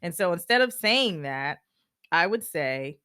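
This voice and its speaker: A woman hosts a podcast in a candid, animated way, often acting out little conversations as she talks. Her voice sits a bit low for a woman. The recording is dry and close, with no room sound. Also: unhurried, clear, resonant tone, dry recording. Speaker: podcast host. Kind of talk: casual advice talk.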